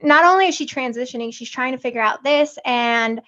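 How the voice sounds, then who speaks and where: This podcast co-host has a high, bright voice with a forceful edge, and she talks fairly quickly. She chats casually and animatedly, acting out conversations with her kids. The recording sounds dull and lo-fi.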